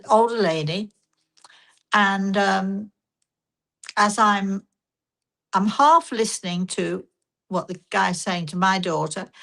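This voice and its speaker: An older woman, a spiritual medium and host, telling a story in a gentle, rambling way with frequent restarts. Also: fairly low pitch, creaky. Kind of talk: casual storytelling talk.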